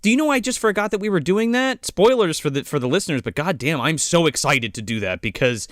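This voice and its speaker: A man's voice: a little high, animated, fast, fairly bright tone, dry recording, studio quality. A man co-hosting a casual movie podcast, enthusiastic and swearing heavily. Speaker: podcast co-host.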